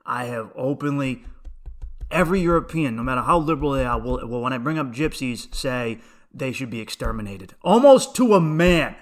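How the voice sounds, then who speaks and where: A man's voice: mid-range voice, lively intonation, moderate pace. A young man hosting a podcast, telling rambling stories in a casual, profane comedic monologue and laughing often. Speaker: podcast host.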